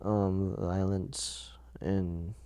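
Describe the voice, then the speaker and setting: A man's voice: sits low, flat delivery, very slow, mellow, clean tone, dry recording. A sleepy man hosting a solo podcast, rambling and making jokes at his own expense. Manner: rambling, jokey, self-mocking. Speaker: podcast host.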